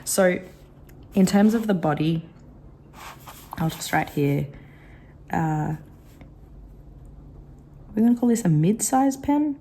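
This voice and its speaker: A woman with a slightly rough, coughing throat, chatting casually as she reviews a pen. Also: lowish voice, expressive, slow, pauses often, slight background noise. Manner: chatty, rambling, softly admiring. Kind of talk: casual product review vlog.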